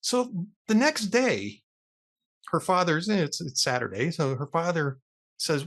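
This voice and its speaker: Lively middle-aged male host telling jokes. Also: unhurried. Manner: lively storyteller, animated pitch. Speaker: talk show host. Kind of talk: casual joke-telling chat.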